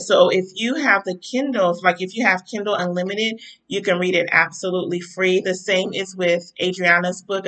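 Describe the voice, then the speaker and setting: A woman's voice: medium pitch, rough recording. A woman hosting her podcast livestream in a casual chatty way, sounding a bit stuffy-nosed and saying "y'all" often. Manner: chatty, warm-spoken with frequent um and y'all. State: stuffy nose. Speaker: podcast host.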